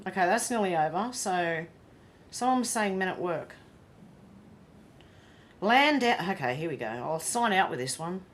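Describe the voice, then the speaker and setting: An Australian woman hosting a casual livestream, chatty and self-mocking and quick to laugh. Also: on the low side, slight background noise. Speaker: livestream host.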